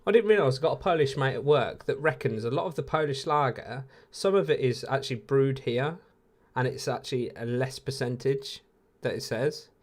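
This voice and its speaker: With hardly any pauses, a man in his late twenties speaks at normal speed in a mid-range voice with an English accent. He's from England and hosts a casual live watch-along, chatting with viewers, laid-back and often laughing.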